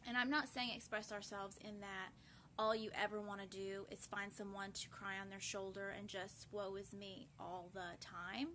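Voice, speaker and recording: Here the host of a casual grief support live video addresses her viewers earnestly, stumbling through many fillers and restarts. Her mid-range voice is bright and forceful, moves little in pitch, and comes at a normal speed over slight background noise.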